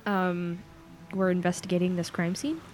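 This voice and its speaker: A woman's voice: fairly low pitch, flat delivery, normal speed, darkish tone, slight background noise. Hesitant woman playing a tabletop game.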